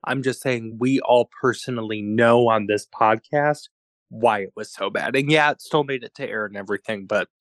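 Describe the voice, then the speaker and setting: A man's voice: on the low side, no echo. Dry-sounding casual male podcast host. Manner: relaxed, chatty, laughs often.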